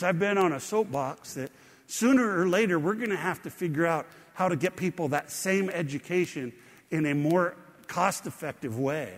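Conversational pastor preaching in a reverberant hall. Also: male voice, sits high. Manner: conversational preaching with rising emphasis. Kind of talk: sermon.

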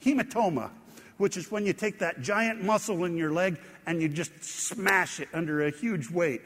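A man's voice: sits high, normal speed, a bit bright, big-room sound. A man preaching a sermon, telling stories about his own falls with self-deprecating humor. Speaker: pastor.

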